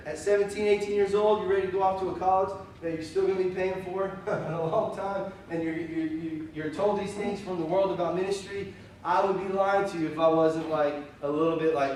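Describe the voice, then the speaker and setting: A young male pastor preaching a conversational, candid sermon, telling stories in an animated way with plenty of fillers. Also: sits high, brisk. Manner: candid, animated, self-deprecating, full of fillers. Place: church sanctuary. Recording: very echoey room, voice from far off, faint hiss.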